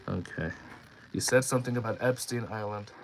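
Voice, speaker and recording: A man's voice: on the low side, fairly quick, creaky, a little hiss or hum, low-quality recording. A young man streaming live and chatting casually, reading comments from his viewers aloud and rambling with many restarts.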